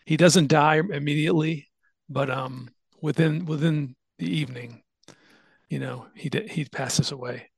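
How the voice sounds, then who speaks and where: A man's voice: a little high, fairly even intonation, measured pace, gravelly, slightly rough, no echo. A man hosting a podcast, casually explaining history at length with fillers and restarts. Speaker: podcast host.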